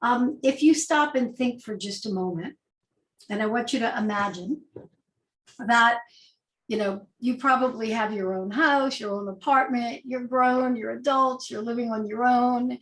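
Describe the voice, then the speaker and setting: A woman's voice: fairly high pitch, measured pace, a bit bright, reverberant, poor audio. A woman, an agile coach, giving a conversational talk with rhetorical questions. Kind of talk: presentation talk.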